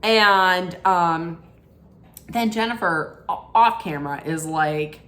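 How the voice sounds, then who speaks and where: A woman's voice: on the low side, slow, fairly bright tone. A woman recapping reality TV in a casual, gossipy, sassy way from home, with plenty of fillers.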